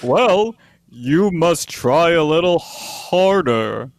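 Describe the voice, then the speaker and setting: A man's voice: on the high side, expressive, drawn-out words. A man reading lines in an amateur radio play, playful, laughing and often breaking character.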